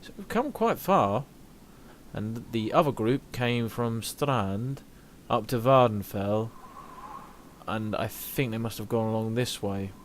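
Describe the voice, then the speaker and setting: A man's voice: lowish voice, takes it slowly, a little hiss or hum. A young man chatting casually while streaming a video game, rambling and reading game text aloud. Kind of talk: casual live gameplay commentary.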